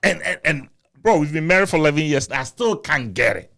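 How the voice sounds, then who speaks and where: A married man in his thirties hosting a casual chat, animated, laughing often and repeating words as he argues a point. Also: fairly high pitch, fairly quick, gravelly. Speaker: podcast host.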